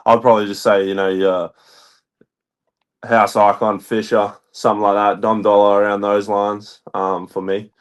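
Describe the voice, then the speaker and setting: Laid-back young man with a low voice. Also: flat delivery, moderate pace, clean tone. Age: young adult. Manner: hesitant, filler-heavy, laid-back. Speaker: basketball player guest. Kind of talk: casual podcast chat.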